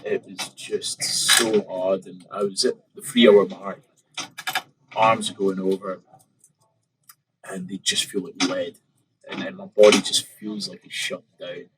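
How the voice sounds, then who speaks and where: A man's voice: low-pitched, level tone, a little slow, crowd noise, low-quality recording. A man, a podcast guest and open water swimmer, casually telling a story with many fillers and quoted thoughts.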